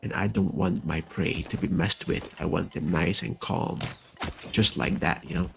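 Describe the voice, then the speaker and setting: With a low-pitched, unhurried voice and some vocal fry, a man talks his way through a video game, chatting with its characters. He's a let's-play host; slight background noise and faint game music can be heard.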